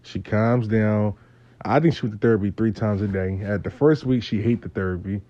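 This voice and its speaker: A man's voice: lowish voice, steady tone, moderate pace, dark tone, no echo, highs cut off. A man telling a story in a casual, profane, streetwise way, speaking as host.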